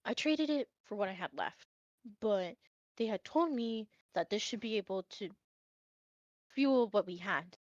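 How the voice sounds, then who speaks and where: A woman voicing Haru, a calm, measured male companion, speaking in a soft, subdued voice. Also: medium pitch, no echo, natural voice. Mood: earnest. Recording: dull, dry lo-fi audio.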